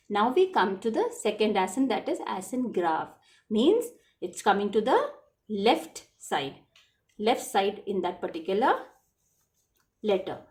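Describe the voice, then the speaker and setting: A woman teaches French to children, spelling out letters and repeating each word patiently. She talks slowly, and her pitch swings up and down in a lively way. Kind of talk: classroom lesson for children.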